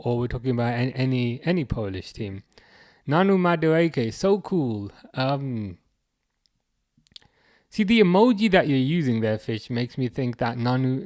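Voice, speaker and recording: A man's voice: medium pitch, animated, a little slow, a little mellow. A man with a Birmingham accent hosting a football watchalong livestream, reading viewer comments aloud in a chatty, laid-back way with frequent restarts and chuckles. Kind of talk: casual live-chat commentary.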